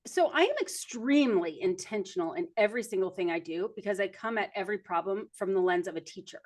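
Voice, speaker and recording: A woman's voice: medium pitch, fast talker. Woman, 50s, podcast host; chatty storyteller who pokes fun at herself. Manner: chatty, self-deprecating, animated storytelling. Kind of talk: casual chat.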